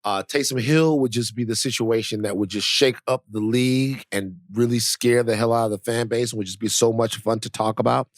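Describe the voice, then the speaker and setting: A man's voice: medium pitch, steady tone, fairly quick, few pauses, no echo, studio quality. A middle-aged man co-hosting a podcast, talking in casual chat that rambles, full of restarts and "you know"s. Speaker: podcast co-host.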